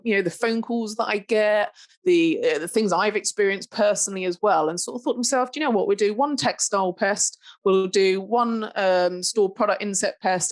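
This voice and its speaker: Woman, webinar trainer, lowish voice, chatty, fillers and restarts, computer mic. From United Kingdom. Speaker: pest control trainer. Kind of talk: live webinar presentation.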